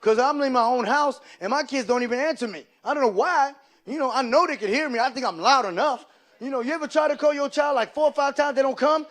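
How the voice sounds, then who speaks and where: A man doing live stand-up comedy, telling animated stories and slipping into loud character voices. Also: very high-pitched, fast talker.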